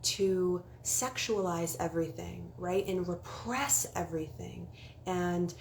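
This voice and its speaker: Woman, young adult, spiritual life coach, casual livestream talk, lower voice, earnest, faint background noise. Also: slow, gravelly. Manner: earnest, drops to whispers for emphasis. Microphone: phone.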